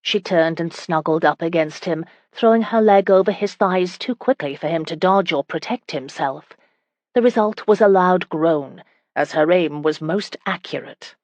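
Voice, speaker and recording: Woman narrator for a romance audiobook, low voice, dry booth sound, measured reading. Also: a little mellow, no room sound.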